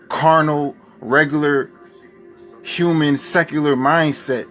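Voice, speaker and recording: Fervent man preaching over soft music. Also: mid-range voice. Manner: rhetorical, fervent questioning. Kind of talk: spoken-word sermon over music.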